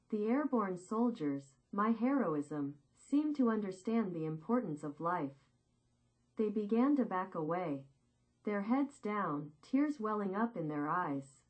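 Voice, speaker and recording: A woman reading a first-person war memoir as slow, measured, solemn scripted narration with deliberate pauses. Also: mid-range voice, expressive, dull audio.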